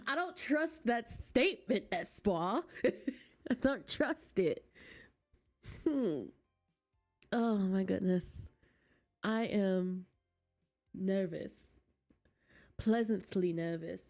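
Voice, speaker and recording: A woman's voice: medium pitch, expressive, slow pace, pauses often, darkish tone, soft background music. A woman streaming a game from home, chatting casually with her viewers and laughing often, close to a desk mic. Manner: chatty, giggly, talks to chat.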